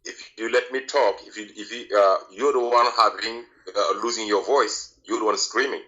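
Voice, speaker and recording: A man calling in to a heated debate, insisting on finishing his points and telling the host to be quiet. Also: on the low side, steady tone, moderate pace, muffled recording. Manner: insistent, combative, demands to finish. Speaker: caller.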